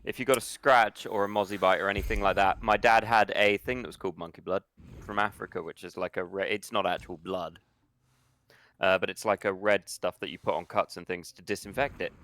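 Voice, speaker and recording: A man's voice: low voice, steady tone, fairly quick, a bit bright. A man streaming a video game, joking around in casual banter with a co-host. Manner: joking, trades silly voices and catchphrases.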